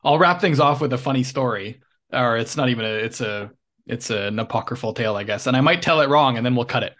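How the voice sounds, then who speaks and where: A man's voice: mid-range voice, quick pace, fairly bright tone. Reflective man telling a story. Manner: reflective, hesitant with many restarts. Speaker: podcast co-host. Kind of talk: casual chat, storytelling.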